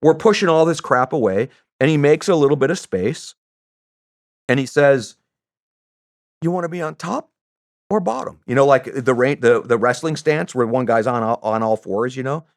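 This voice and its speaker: A middle-aged American man, a retired soldier, telling a story as a podcast guest in an animated, rambling way with restarts and swearing. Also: mid-range voice, normal speed, no room sound, studio quality. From United States. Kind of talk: casual anecdote telling.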